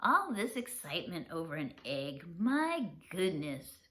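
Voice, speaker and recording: A woman's voice: lowish voice, sing-song, measured pace, fairly bright tone, voice pushed down. A woman voicing a flustered mother who fusses and scolds mildly. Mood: fussing. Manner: fussy, scolding.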